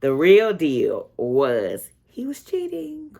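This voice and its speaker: A woman's voice: slow, vocal fry. A middle-aged woman, telling a personal story in casual vlog chat and acting out what people said. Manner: animated storyteller, acts out quotes with a higher voice.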